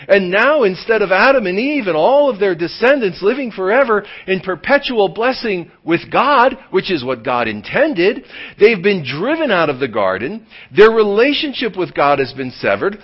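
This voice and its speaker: Lively pastor swinging from loud to hushed. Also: male voice, fairly high pitch. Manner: swings from loud emphatic lines to hushed near-whispers; draws out key words slowly for emphasis. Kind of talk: sermon. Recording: dull lo-fi sound.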